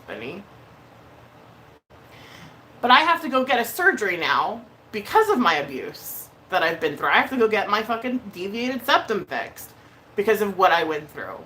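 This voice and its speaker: A woman vlogger chatting casually on a live stream, blunt and heated, swearing often and pausing on fillers. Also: medium pitch, big pitch swings, pushed and bright, a little hiss or hum. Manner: emotional, hesitant with many fillers.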